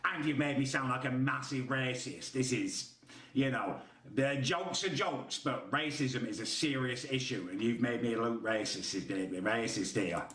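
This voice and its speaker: A man's voice: mid-range voice, a little slow, a bit bright, far from the mic. A man talking to the camera as a YouTuber, sarcastic and exasperated in his indignant commentary. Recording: roomy echo.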